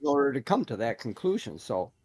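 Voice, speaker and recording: A man's voice: medium pitch, big pitch swings, a little fast, a little mellow, slightly rough, no echo. A man in a casual chat, arguing his point and pressing questions.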